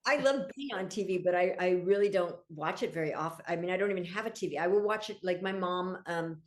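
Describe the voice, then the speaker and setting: A middle-aged woman, a podcast guest and coach, talking in an enthusiastic, gently explanatory way and laughing easily. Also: lowish voice, fast talker. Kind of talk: casual interview chat.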